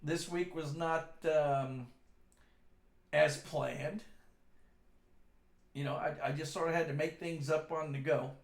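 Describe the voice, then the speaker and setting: Gravelly middle-aged man telling dark-humored stories. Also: on the high side, fairly even intonation, slow, long pauses. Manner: dark-humored, self-deprecating, chatty. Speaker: show host. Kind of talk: casual rambling storytelling. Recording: echoey room.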